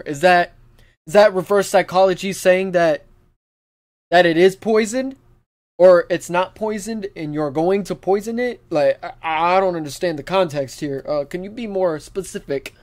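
A young man giving let's play commentary on a horror game, jittery, stammering and swearing, yelling when frightened. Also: high-pitched, no room sound. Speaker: gaming YouTuber. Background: game music.

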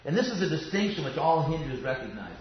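Man, mid-pitched, loose rambling teacher, lots of fillers and restarts; classroom sound, slightly dull and echoey. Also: big pitch swings, quick pace. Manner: chatty, digressive, many fillers and restarts. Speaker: yoga philosophy teacher. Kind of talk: casual classroom lecture.

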